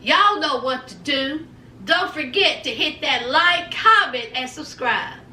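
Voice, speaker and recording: A reality show recap vlogger with a very high, bright voice chats unhurriedly through casual commentary, laughing and acting out the cast in quick quoted voices. Her intonation is lively, and she sounds slightly distant from the mic in an echoey room with a bit of background noise.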